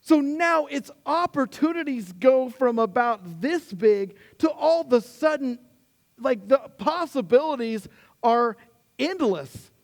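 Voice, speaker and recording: Preaching from the pulpit, this pastor tells stories with energy, voicing quotes in abrupt upward leaps. Then he eases his pace and sinks his voice low to land the important words.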